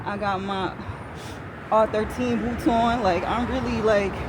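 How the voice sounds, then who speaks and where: A woman's voice: medium pitch, fairly even intonation, measured pace. Chatty New woman vlogging outdoors. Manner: chatty, blunt, playful slang. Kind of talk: casual vlog monologue. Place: outdoors on a cold windy city street. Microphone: handheld camera. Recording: windy street noise.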